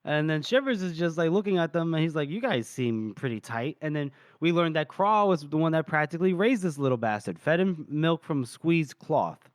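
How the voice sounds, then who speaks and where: A man chatting casually as a podcast co-host, walking through a story he has read in a loose, rambling way. His voice sits a little on the high side for a man and is recorded close and dry with no room sound. He leans on fillers and drops in the occasional curse. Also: fairly quick, few pauses, no echo. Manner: loose and rambling, heavy with fillers, swears freely. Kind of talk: casual book recap chat.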